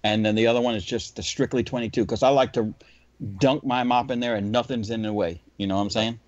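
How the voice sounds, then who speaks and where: A man's voice: medium pitch, fast, no echo, lo-fi sound. A man who cleans windows, chatting casually on a podcast, telling a story and acting out the people in it. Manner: animated, swearing, acts out quotes.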